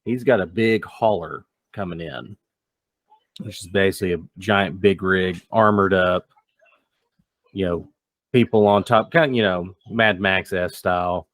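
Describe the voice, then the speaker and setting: A man's voice: deep voice, unhurried, fairly bright tone, no room sound. A man narrating a tabletop game as game master in a casual, rambling way. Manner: casual, rambling, many fillers.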